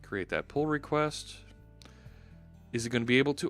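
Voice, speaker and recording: A man's voice: mid-range voice, animated, moderate pace, pauses often, faint music behind. A man hosting a live stream, chatting casually and thinking aloud as he works at his computer. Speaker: host. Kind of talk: live-stream coding chat.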